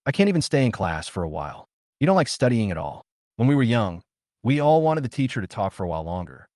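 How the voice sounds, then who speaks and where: A man's voice: mid-range voice, sing-song, fast talker, a little mellow, no echo, studio quality, lightly acted. A man voicing a stern, irritable schoolteacher who scolds and lectures a student. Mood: weary.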